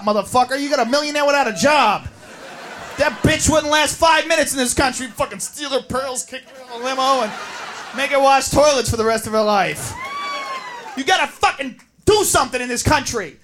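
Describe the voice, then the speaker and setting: An American man doing a profane, shouting stand-up rant, recorded live in a comedy club. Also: very high voice. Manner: profane, shouting, mocking voices. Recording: live club with crowd and noise.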